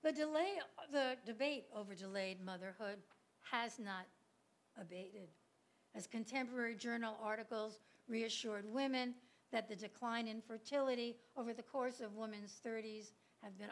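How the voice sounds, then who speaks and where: A woman historian delivering an academic lecture, a little hoarse as her voice gives out. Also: fairly high pitch. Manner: measured, reads from prepared text. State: losing her voice.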